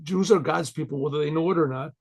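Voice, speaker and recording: A rabbi teaching a Torah class in a loose, halting way, repeating words and often clearing his throat. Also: on the high side. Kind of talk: informal Torah lecture.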